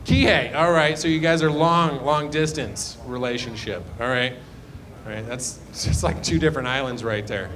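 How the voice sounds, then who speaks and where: A man's voice: medium pitch, normal speed, fairly bright tone, slight background noise. A man doing live stand-up crowd work, rambling and self-deprecating, often trailing off. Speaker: stand-up comedian. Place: live comedy show.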